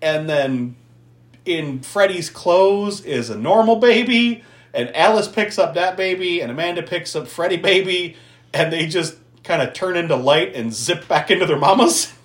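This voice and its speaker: In an echoey room, a man hosting a podcast runs through a film's story in a casual chat, frequently swearing and breaking into laughter. His voice is high-pitched and animated, moving at a moderate pace.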